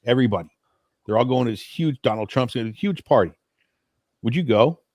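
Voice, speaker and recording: A man's voice: medium pitch, lively intonation, darkish tone, dry recording. Adult man, brash teasing podcast co-host, mid-range voice, dry close mic. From Italian-American. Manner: teasing, brash, quick questions. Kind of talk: casual late-night chat.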